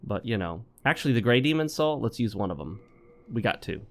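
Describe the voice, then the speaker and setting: A male gaming host with a voice of ordinary pitch. He narrates his play in a loose, chatty way and slips into wry jokes and advice between fights. The feel is casual let's-play commentary. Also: very animated, a little fast. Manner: chatty and wry, joking asides while playing.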